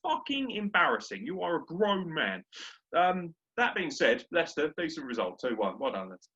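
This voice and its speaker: A man's voice: a little high, sing-song, normal speed, pushed and bright, breathy edge. Brash sweary man ranting. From Britain. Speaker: podcast co-host. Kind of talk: casual sports chat. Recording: dull lo-fi audio.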